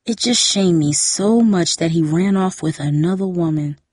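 Woman reading as a soft-spoken weary mother. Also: on the low side, normal speed, breathy edge, no echo, studio quality. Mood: rueful. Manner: soft, apologetic. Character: tired middle-aged mother, soft and rueful.

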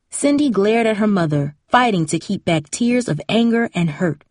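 A woman narrating a novel in a steady, even storytelling manner. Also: medium pitch, moderate pace, few pauses, dry recording, studio quality. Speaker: audiobook narrator. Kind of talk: scripted narration.

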